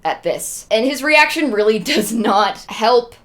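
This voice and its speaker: A woman's voice: a little high, animated, measured pace, fairly bright tone. A woman streamer casually retelling an ancient epic in a chatty, humorous way, with lots of asides. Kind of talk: casual storytelling.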